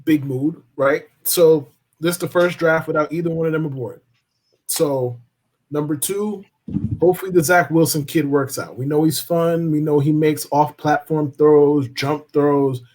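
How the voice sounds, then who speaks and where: A man talking in an easy, casual chat on a live-stream podcast, with a voice sitting a touch high. He slips in dry, deadpan jabs and lays out his points in slow, emphatic lists. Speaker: podcast co-host.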